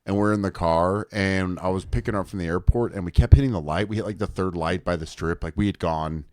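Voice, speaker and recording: A man's voice: low-pitched, steady tone, fast talker, darkish tone, dry recording, clean studio sound. A young man co-hosting a podcast, telling long, rambling stories full of fillers and acted-out quotes. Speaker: podcast co-host. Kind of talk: casual storytelling chat.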